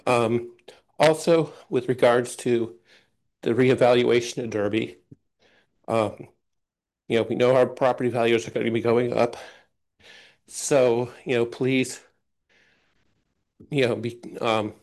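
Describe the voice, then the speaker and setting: A man's voice: mid-range voice, steady tone, slow, pauses often, a little mellow. A man speaking during public comment at a town council meeting, rambling with loose phrasing and frequent fillers. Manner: rambling, loose, many "you know" fillers and restarts.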